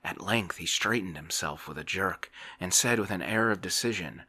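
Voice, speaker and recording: Deep, soft-spoken male ASMR reader. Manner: slow, soft-spoken, drifting into whispers. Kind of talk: soft ASMR book reading.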